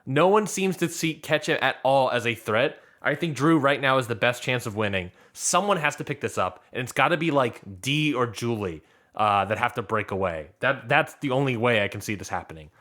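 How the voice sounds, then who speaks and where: A man's voice: mid-range voice, fairly quick. A man co-hosting a casual podcast, breaking down each episode with enthusiasm. He recaps the plot and acts out the players' lines as he goes. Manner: animated retelling, acting out the players' lines. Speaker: podcast co-host.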